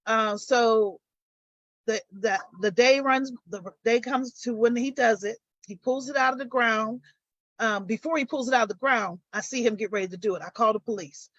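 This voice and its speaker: An older woman with a fairly high voice recounts her story on a live stream, turning animated when she retells arguments. The sound is dry and dull, like lo-fi stream audio. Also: normal speed, dry recording. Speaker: guest.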